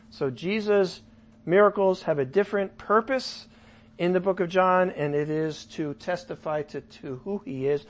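A man preaching a casual sermon, asking his listeners questions and joking as he teaches. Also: high voice. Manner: animated, asks the audience questions, jokes. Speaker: pastor. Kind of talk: sermon Bible study.

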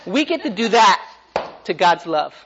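A man's voice: high voice, very animated, unhurried, fairly bright tone, a little hiss or hum. Man teaching a Bible class, dull lo-fi sound. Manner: questions the class and animates points.

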